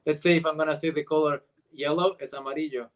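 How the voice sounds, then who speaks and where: Middle-aged Argentine man with a Spanish-speaking accent; animated interview guest, slightly raised pitch. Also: fast talker, poor audio. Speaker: voice actor guest. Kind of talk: casual interview chat.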